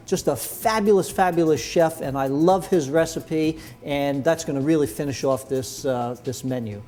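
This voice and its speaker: A man's voice: on the high side, normal speed, dark tone. A man leading a cooking demonstration, chatty and enthusiastic as he explains each step in the kitchen. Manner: enthusiastic, chatty, full of praise. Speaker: cooking instructor.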